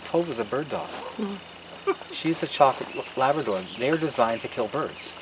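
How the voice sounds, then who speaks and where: Speaking at a medium pitch and an ordinary pace, a man walks visitors around his garden outdoors, telling stories earnestly and emphatically and slipping in preacher-like asides. It's relaxed tour storytelling, captured as a field recording with outdoor noise.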